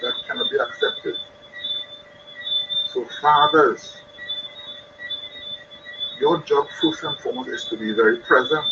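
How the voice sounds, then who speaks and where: A man's voice: medium pitch, lively intonation, unhurried, long pauses. Earnest man lecturing on parenting. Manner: earnest, repetitive emphasis. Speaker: speaker on parenting. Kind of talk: live-streamed talk. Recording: dull lo-fi stream with loud noise.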